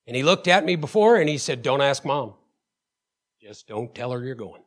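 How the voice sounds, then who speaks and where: A male pastor preaching in a middle-pitched voice and telling stories from his own life. He leans hard on key words, calls out to the congregation for agreement and stumbles over repeated words as he builds momentum. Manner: emphatic, with call-outs to the congregation; storytelling, stammers and repeats words. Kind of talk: sermon.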